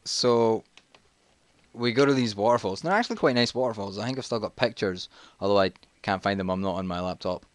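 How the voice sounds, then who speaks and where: A man's voice: on the low side, a little fast, a little hiss or hum. Rambling guy telling a story. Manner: rambling, jokey, easily sidetracked. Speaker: vlogger. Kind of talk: casual storytime while playing a video game.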